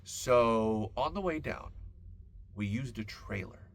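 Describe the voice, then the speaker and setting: A man hosting a podcast, telling a rambling comic story full of absurd tangents and deadpan asides. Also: medium pitch, takes it slowly, slight background noise. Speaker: podcast host. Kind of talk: comedic podcast monologue.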